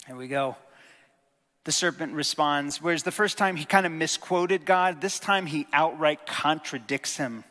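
A man's voice: fairly high pitch, a bit bright. A man preaching a sermon, earnest and emphatic, teaching with rhetorical questions. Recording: long hall reverb.

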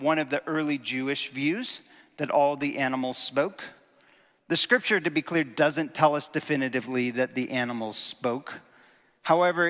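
A man preaching a sermon in a conversational, animated way, with jokes and sudden emphatic stresses. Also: medium pitch, big-room sound.

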